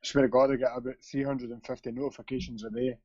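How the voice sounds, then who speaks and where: A man's voice: mid-range voice, little pitch movement, racing, mellow, no room sound. A Scottish man co-hosting a podcast, chatting casually with blunt, sweary banter. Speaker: podcast co-host. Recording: dull lo-fi sound.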